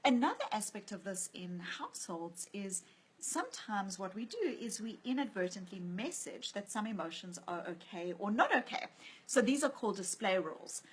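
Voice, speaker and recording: A woman's voice: medium pitch, very animated, normal speed, slightly rough, poor audio. A woman speaking as an author and guest in a conversational interview, telling stories and acting out the voices she quotes. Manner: storytelling, acts out quoted voices.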